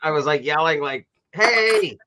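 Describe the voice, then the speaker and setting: A man's voice: a little high, moderate pace, a crowd in the background. A middle-aged man chatting casually on a livestream, telling stories and laughing often. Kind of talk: casual chat.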